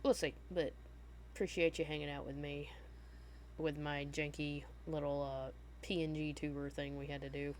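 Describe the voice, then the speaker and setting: A woman hosting a livestream, chatting casually and meandering in a relaxed, friendly way as she signs off. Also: low voice, normal speed, slight background noise. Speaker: livestream host. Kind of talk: casual stream sign-off chat.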